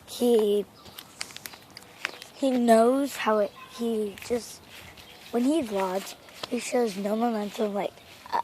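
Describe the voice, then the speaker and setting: A hoarse woman vlogs to her camera in a slow, halting way, drifting between thoughts and restarting her sentences. The recording carries clear background noise. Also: fairly high pitch, fairly even intonation, mellow, poor audio. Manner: rambling, halting with restarts and fillers. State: hoarse, sore throat. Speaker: vlogger. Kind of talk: casual vlog talk to camera.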